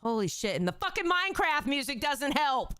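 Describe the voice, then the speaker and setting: A woman's voice: sits high, sing-song, brisk, bright, forceful tone, no echo, studio quality. A woman streamer reacting to clips in a chatty way, exclaiming and swearing freely.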